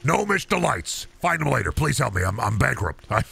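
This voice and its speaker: A ranting conspiracy-show host, as a man puts him on, rambling in a raised, pushy salesman pitch. His voice is gravelly and bright, with heavy fry. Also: sing-song, a little fast, heavily acted. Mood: bombastic.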